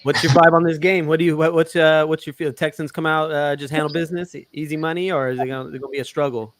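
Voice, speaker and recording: A male co-host with a voice pitched a bit higher than most men. He talks in relaxed slang, firing questions and hype at the others. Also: fast. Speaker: podcast co-host. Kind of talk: casual hype chat.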